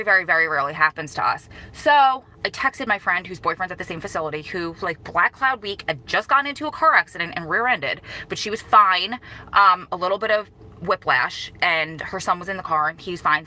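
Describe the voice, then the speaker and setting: A woman's voice: on the low side, sharp tone, poor audio. A woman in her thirties talking casually to her viewers in a live-stream update, emotional and rambling, correcting herself and breaking off to greet people. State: grieving, emotional. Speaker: vlogger.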